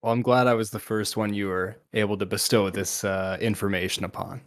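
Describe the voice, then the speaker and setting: A man's voice: lowish voice, level tone, fairly quick, no room sound. Playful man at a tabletop game. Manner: playful, laughs often. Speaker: player. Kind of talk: in-character tabletop play.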